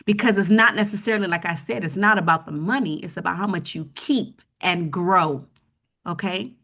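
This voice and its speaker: A woman's voice: fairly low pitch, moderate pace, a bit bright. A woman hosting a live webinar on personal finance, talking conversationally and often checking in with her audience.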